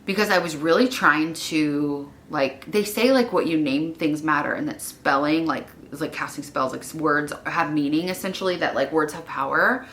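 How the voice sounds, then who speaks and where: Chatty, bright-voiced young woman vlogging at home. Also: sits low, moderate pace, few pauses, a little hiss or hum. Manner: chatty, rambling, many "like" fillers; emotional, wavering at times. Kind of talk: casual vlog chat. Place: her home.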